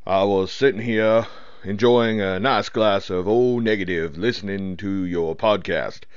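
A low-voiced, unhurried Southern gentleman vampire, done by a man, speaks with a Louisiana drawl and formal old-fashioned courtesy. The recording is dull and lo-fi, with a dry, close sound. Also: no room sound.

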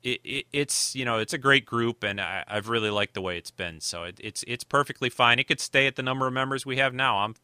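A man's voice: mid-range voice, brisk, hardly any pauses, pushed and bright, clean tone, no room sound. A man hosting his podcast in casual chat, rambling and often restarting his sentences. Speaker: podcast host.

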